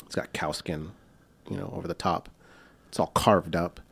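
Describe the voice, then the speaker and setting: A young man from the United States, a guest here, has a low-pitched, steady voice that is creaky, husky and a bit bright, speaking at normal speed. In casual chat he tells a rambling story packed with fillers and restarts, acting out the voices of the people in it.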